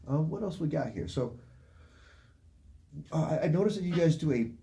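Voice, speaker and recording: A man, hosting a casual radio chat in an animated way. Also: a little high, gravelly. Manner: animated, laughs, does quick voices in stories. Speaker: radio show host. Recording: faint ambient noise.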